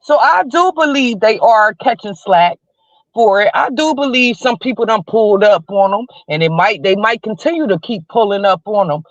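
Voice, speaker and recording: A woman's voice: mid-range voice, expressive, moderate pace, no room sound. A woman in her forties, calling in as a livestream guest, giving heated commentary in blunt, emphatic slang. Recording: slightly dull dry stream audio.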